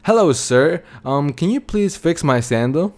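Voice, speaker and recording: A gentle, polite God who speaks calmly and patiently, as a man voices him in a story. His voice is the storyteller's own, at a middle pitch for a man. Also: measured pace, close to an everyday voice. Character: calm kindly male God on earth.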